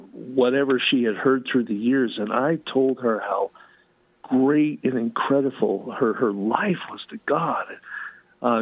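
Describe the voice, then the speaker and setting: A man telling fervent testimony stories as a talk show guest, with a husky voice and many restarts. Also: medium pitch, dry recording, narrow, tinny audio.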